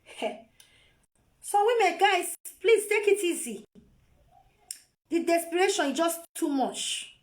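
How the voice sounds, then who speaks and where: A woman's voice: very high voice, lively intonation, takes it slowly, pauses often. A Nigerian woman on a phone live video, lecturing her viewers in a scolding, repetitive way. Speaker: vlogger.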